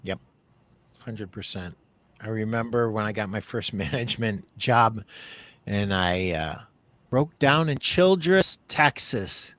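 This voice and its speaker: A man hosting a podcast interview, telling stories in a casual, animated way and laughing easily. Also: mid-range voice, unhurried, no echo. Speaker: podcast host.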